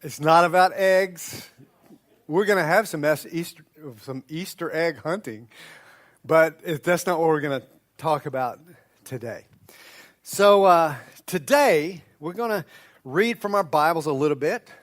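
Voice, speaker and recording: A pastor with a slightly high, fairly bright male voice preaches a sermon in a church sanctuary. His style is conversational; he stretches out key words for emphasis and frequently restarts sentences.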